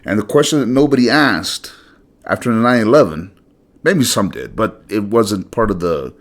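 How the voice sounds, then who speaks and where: Low-voiced man ranting bluntly. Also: lively intonation, normal speed. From United States. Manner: blunt, profane, emphatic. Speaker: channel host. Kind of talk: solo ranting monologue.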